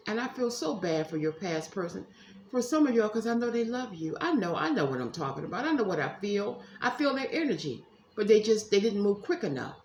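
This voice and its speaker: A woman giving a casual tarot reading at home, chatty and animated, talking straight to her viewers. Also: medium pitch, a little hiss or hum. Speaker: tarot reader. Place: room at home. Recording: echoey room.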